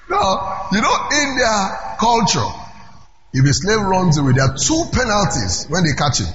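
Middle-aged Nigerian pastor, high lively preaching voice with shouted whoops, dull, noisy hall sound. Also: male voice, measured pace. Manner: animated, breaks into shouts and whoops. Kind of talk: conference sermon.

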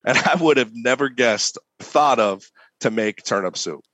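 A man's voice: medium pitch, measured pace, a bit bright, lightly acted, low-quality recording. A man imitating a tipsy, offended male chef.

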